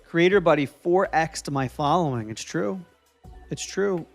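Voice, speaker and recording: A man's voice: on the high side, measured pace, gravelly. Chatty New York man on a livestream. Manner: chatty, joking, reads viewer comments aloud. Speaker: livestream host. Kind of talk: casual livestream chat, reading chat comments. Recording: faint music behind the voice.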